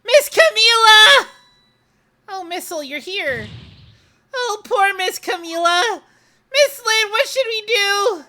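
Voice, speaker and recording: A woman voicing an excitable, loyal little male dog in a video game, calling out in high yelps. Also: slow, slight background noise, heavily acted. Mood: eager. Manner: high yelping calls.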